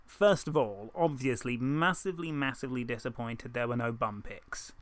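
A man's voice: medium pitch, moderate pace, no room sound. A man co-hosting a casual news podcast, bantering with dry, mocking humour. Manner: dry, mock-patriotic banter. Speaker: podcast co-host.

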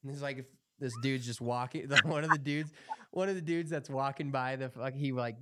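A man's voice: mid-range voice, normal speed, very noisy. A young man co-hosting a podcast, telling rambling, profanity-laced stories in casual chat. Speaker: podcast co-host.

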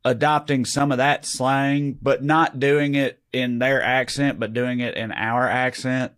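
A man co-hosting a podcast in casual chat, rambling and swearing, often trailing off softly at the ends of his thoughts. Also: mid-range voice, little pitch movement, measured pace, clear, resonant tone. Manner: rambling, profane, trails off quietly. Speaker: podcast co-host.

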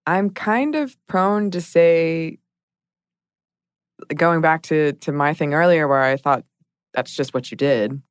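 A woman's voice: deep voice, slow pace, pauses often, clean tone, no room sound, clean studio sound. A woman co-hosting a podcast in casual chat, reflective and hedging, laughing often. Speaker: podcast co-host.

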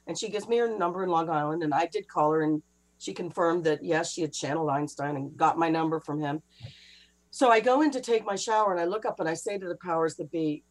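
A middle-aged woman author, a guest on an interview, telling a personal story in a lively rush with laughing asides. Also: fairly low pitch, poor audio. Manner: breathless, laughing retelling with quick asides. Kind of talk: animated anecdotal storytelling.

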